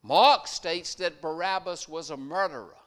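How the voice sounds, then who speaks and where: A man preaching a sermon, retelling a story with dramatic rises and drops in loudness. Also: fairly high pitch, a little slow.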